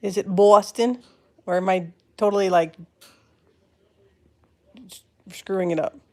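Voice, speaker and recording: A chatty woman hosting a home livestream, her voice sitting at an ordinary middle pitch. She reads viewer comments aloud and playfully repeats words back as questions, trying out how they sound. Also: fairly even intonation, unhurried. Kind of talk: casual live-stream chat.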